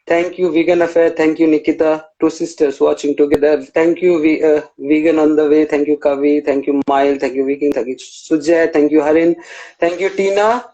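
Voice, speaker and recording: High-voiced man hosting a casual live stream. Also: fairly even intonation, fairly quick, mellow, muffled recording. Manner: chatty, informal, with fillers and restarts. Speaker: interview host. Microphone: live video call.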